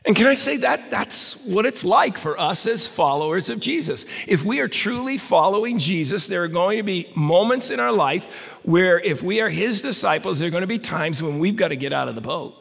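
A man's voice: high-pitched, expressive, normal speed, gravelly, a bit bright. A male pastor preaching a sermon in a conversational way with stammered restarts, recorded in a reverberant hall.

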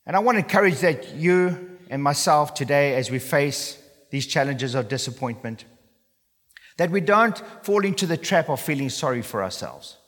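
A man's voice: on the high side, animated, moderate pace, a bit bright. A man preaching a sermon as a pastor, earnest and emphatic, often checking in with his listeners. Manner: earnest, emphatic, asks for assent with "okay?". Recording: long reverb in a large hall.

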